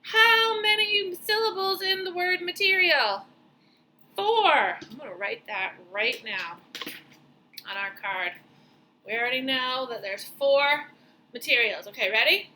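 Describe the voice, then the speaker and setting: A woman teaching a lesson to young children, speaking slowly and clearly as she encourages them to spell and clap out words. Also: high-pitched, expressive, bright, forceful tone, slight background noise, rough recording.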